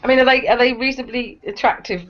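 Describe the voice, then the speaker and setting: A woman's voice: a little high, fast. A woman hosting a casual livestream chat, chatty, laughing often and restarting her sentences. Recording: dull lo-fi stream audio.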